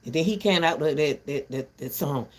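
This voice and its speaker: A woman's voice: low voice, animated, normal speed, a little mellow. An older woman ranting casually to her viewers from her back porch, blunt and rambling, breaking into laughter often. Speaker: vlogger.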